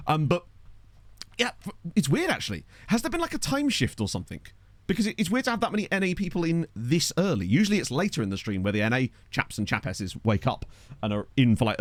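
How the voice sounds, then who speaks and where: A man's voice: medium pitch, dry recording. A man casually commenting on his game stream, chatty and self-mocking, with a lot of swearing. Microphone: desktop condenser mic.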